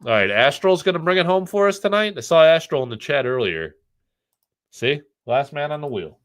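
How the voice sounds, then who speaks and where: A man's voice: fairly high pitch, big pitch swings, brisk, a bit bright, clear, resonant tone. A middle-aged man from the United States hosting a casual live stream, joking, rambling and reading the chat aloud.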